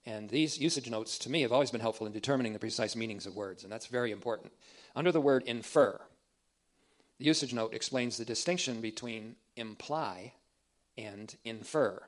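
Man preaching a deliberate theological lesson. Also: medium pitch. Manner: deliberate, emphatic, repeats key phrases. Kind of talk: theological teaching sermon.

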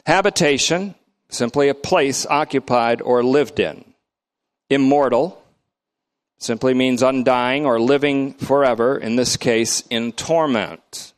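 An older man leading a Bible study in a lecture style, emphatic and slow to define each term, his pitch often swinging up and down. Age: middle-aged or older. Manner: emphatic, defines terms slowly word by word.

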